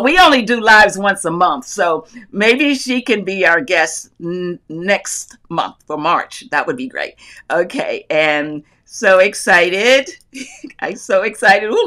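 With a medium-pitched voice that sounds pushed and bright, a middle-aged woman from North Carolina chats effusively on her crafting livestream. She reads viewer comments casually, laughs often, and says hello to viewers by where they live.

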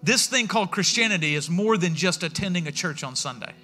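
A pastor preaches in a loose, story-driven way, dropping into little voices for the people he quotes. His voice is high-set and very bright, and soft music sits under it. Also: expressive, a little fast. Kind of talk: sermon. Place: church sanctuary.

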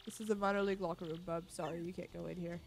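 A curt male door guard at a fighting arena, as a woman puts him on with a dropped, gruff voice. He turns people away with short, flat orders. Faint game music sits behind him. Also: lowish voice, racing, pitched below the performer's own voice. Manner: curt, calls everyone bub.

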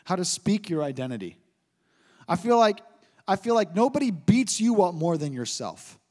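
A man's voice: sits high, moderate pace. A man in his thirties preaching a sermon, joking and telling stories as he teaches. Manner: animated, joking storyteller. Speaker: pastor. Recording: preached in a hall with long reverb.

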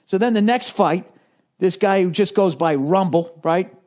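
Unhurried and high-pitched, the man, a comedian running a podcast, rambles through a story. It's a loose, animated monologue, heavy on profanity and frequent restarts.

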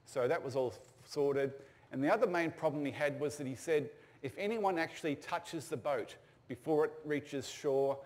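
A man's voice: mid-range voice, a little mellow. An older man, telling stories casually with fillers and restarts. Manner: casual anecdotal storytelling with fillers. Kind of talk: storytelling talk.

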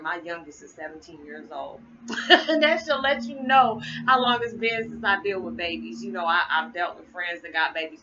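Tired middle-aged lady chatting to her viewers, laughs a lot, kinda muffled with hiss behind. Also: deep voice. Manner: chatty, laughs often, colloquial Southern-leaning speech. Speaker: spiritual vlogger. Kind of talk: casual chat to camera. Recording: muffled with noticeable background hiss.

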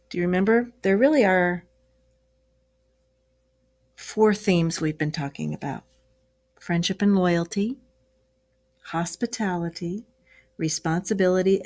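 A woman teacher reads a story aloud to young pupils, stopping often to explain words to the children. Her voice is lowish and a little mellow, and she takes her time.

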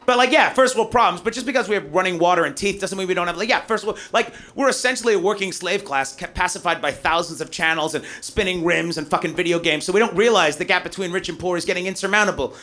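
A man from North America doing a loud, profane, ranting stand-up comedy set on a club stage. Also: high voice, fast talker, hardly any pauses.

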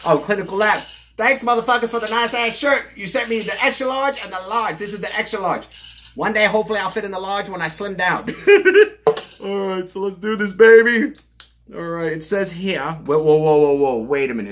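A young man reviewing a fitness supplement in a brash, profane, hyper way, out of breath and hot, joking and shouting often. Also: sits high, a little fast. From New Jersey. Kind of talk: loud joking product review vlog. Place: basement room.

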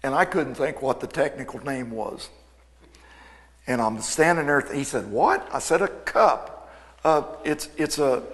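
Folksy man telling a story in a reverberant hall. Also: a little high. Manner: folksy, animated anecdote-telling with quoted dialogue. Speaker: aircraft mechanic and speaker. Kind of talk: storytelling talk to an audience. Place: event hall.

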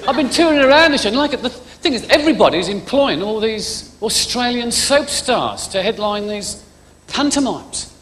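A male stand-up comedian with a very high, expressive voice chats cheekily at a moderate pace to a live theatre audience, slipping into mock voices for jokes. He uses a stage microphone, and the live recording has hall echo, a loud audience with laughter, a faint crowd and slight background noise.

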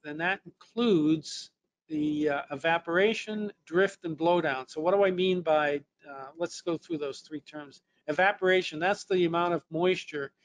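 New England male trainer, slightly high voice, casual explainer with fillers. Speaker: technical trainer. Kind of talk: technical lesson.

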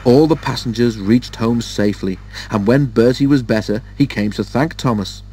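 A man narrating a children's railway story in a steady, measured storytelling voice. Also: mid-range voice, slightly rough. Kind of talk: storybook reading.

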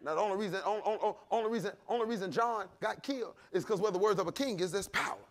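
A male pastor preaching a sermon, shouting and calling on the congregation to answer back. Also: sits high, quick pace. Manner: preaching with shouts and call-and-response.

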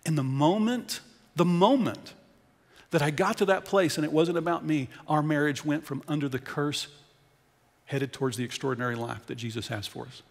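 American male pastor, middle-aged, storytelling sermon; loud peaks, hushed lows, reverberant church hall. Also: normal speed, creaky. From United States. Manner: storytelling, shifts between loud emphasis and quiet intensity. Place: large church auditorium.

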